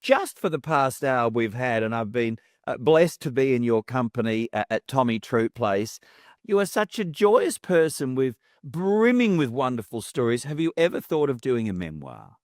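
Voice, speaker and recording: Male interview host, complimentary, mid-pitched voice, dry sound. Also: sing-song, moderate pace, dry recording.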